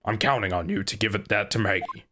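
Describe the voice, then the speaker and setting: A man's voice: on the low side, lively intonation, quick pace, noisy background, close to an everyday voice. A man doing a goofy, hesitant male detective. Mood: sheepish. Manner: hesitant, filler-heavy talk. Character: clumsy, goofy adult male detective, earnest. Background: game music.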